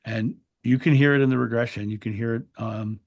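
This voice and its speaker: A man's voice: medium pitch, steady tone, a little fast, gravelly, dull audio. A man telling a spiritual story in an interview, earnest and reflective, often restarting his words. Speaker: interview guest.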